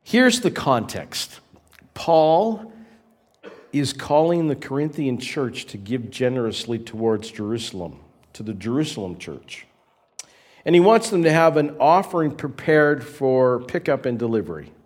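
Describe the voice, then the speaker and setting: A man preaching in an earnest, measured way, with a voice of ordinary middle pitch. He pauses between phrases and repeats key words to drive a point home. He sounds like a pastor addressing his congregation. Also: sing-song, a little mellow. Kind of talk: sermon.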